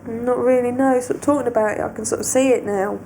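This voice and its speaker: A young woman, a mother in a therapy session, speaking softly and hesitantly, emotional and close to tears. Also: a little high, fairly even intonation, fast, a little hiss or hum. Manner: soft, hesitant, tearful and emotional.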